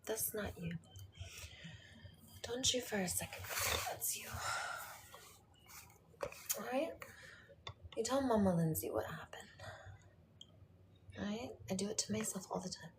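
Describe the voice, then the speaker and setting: A middle-aged woman speaking tenderly to her viewers like a mother, often sinking to a whisper and then bursting out loud. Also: medium pitch, unhurried, pauses often, a little hiss or hum. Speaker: host talking to her viewers. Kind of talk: intimate motherly address to viewers.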